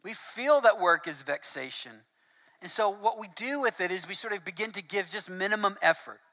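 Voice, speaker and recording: A man preaching a sermon in a conversational, casual way, mixing scripture reading with relaxed asides. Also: high voice, normal speed.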